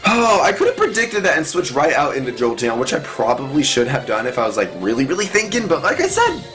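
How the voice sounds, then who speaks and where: A young man giving chatty, excitable live commentary on his own gameplay, talking through each move. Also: mid-range voice, fast talker, faint music behind. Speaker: gaming commentator.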